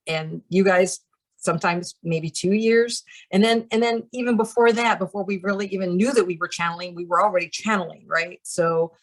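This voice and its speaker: A woman leading a channeling practice group who talks in a casual, chatty way, with many fillers and light laughs. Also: medium pitch.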